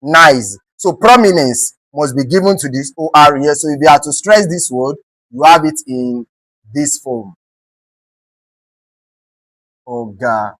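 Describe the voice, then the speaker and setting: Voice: medium pitch, no room sound, poor audio. Teacher with a Nigerian accent, quizzing. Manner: keeps asking the class "what?" and then answering it; spells words out letter by letter and repeats them slowly. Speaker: English teacher. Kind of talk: exam-prep lesson.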